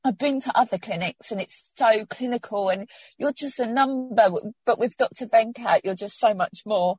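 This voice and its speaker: A woman's voice: a little high, moderate pace, darkish tone, husky, dry recording. Heartfelt woman, dry sound. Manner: heartfelt, rambling with restarts, gets emotional. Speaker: patient telling her story. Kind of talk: emotional personal interview.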